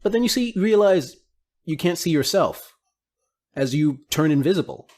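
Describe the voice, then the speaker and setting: A man narrating a tabletop game as game master, describing scenes with quick asides. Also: a little high, expressive, darkish tone.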